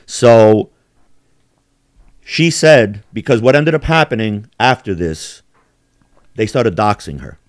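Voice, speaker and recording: A man's voice: fairly low pitch, animated, slow, long pauses, no echo, clean studio sound. Profane ranting male host. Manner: profane ranting, loud swings in emphasis. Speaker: podcast host. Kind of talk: casual heated chat.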